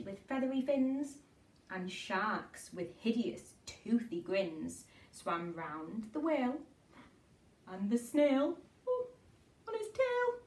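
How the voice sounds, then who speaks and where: A woman's voice: mid-range voice, recorded from a distance. A woman reading a picture book aloud to small children in a sing-song way, with playful asides. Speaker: children's storyteller. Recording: echoey room, away from mic.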